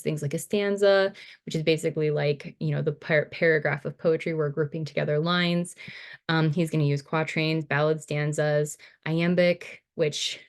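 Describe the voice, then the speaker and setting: Low-voiced woman lecturing casually. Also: darkish tone. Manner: casual, many fillers and restarts. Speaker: teacher. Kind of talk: recorded slide lecture.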